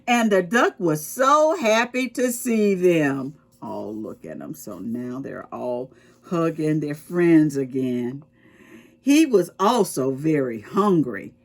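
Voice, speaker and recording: A woman reads a picture book to preschoolers, taking her time and pausing to explain. Her voice sits fairly low but swings widely up and down as she tells the story. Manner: expressive, slow and explaining to children. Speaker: children's storytime reader.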